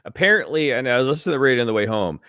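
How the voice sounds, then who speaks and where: Animated man passing on gossip. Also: medium pitch, racing, no room sound, clean studio sound. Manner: gossipy, animated retelling of news. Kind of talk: casual sports podcast banter.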